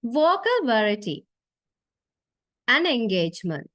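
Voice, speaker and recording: A woman's voice: a little high, sing-song, slow, fairly bright tone, no room sound. Woman teacher lecturing, keeps asking okay? right?, bouncy intonation, dry sound. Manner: explanatory, checks in with "okay?" and "right?". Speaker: university lecturer. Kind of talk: classroom lecture.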